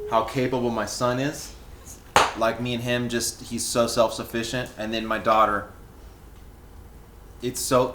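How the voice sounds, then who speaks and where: Casual male vlogger in his thirties, animated storyteller, mid-pitched voice, says "dude" a lot, recorded in a roomy space. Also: noisy background. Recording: echoey room.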